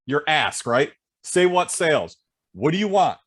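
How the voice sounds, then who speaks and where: A man hosts a podcast interview, a self-employed consultant speaking bluntly and casually, with offhand swearing. His voice is a little high and fairly bright, with big pitch swings and an unhurried pace.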